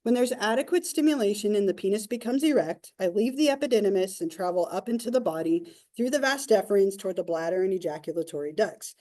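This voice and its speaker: A woman's voice: medium pitch, animated, fast, hardly any pauses, warm tone, voice pushed down, lightly acted. A woman voicing a sperm cell that tells its own journey, reading a first-person worksheet aloud. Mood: matter-of-fact.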